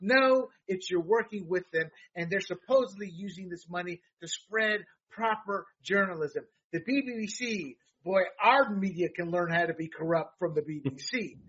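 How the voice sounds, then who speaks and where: A man's voice: sits high, normal speed, hardly any pauses, fairly bright tone, slightly rough, dull audio. A man co-hosting a casual political talk show, speaking heatedly with many fillers and restarts.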